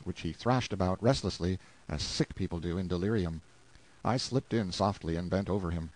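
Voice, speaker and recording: A man reading a novel aloud in a measured, solemn way. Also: on the low side, darkish tone, no echo, rough recording. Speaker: audiobook reader. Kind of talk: scripted novel narration.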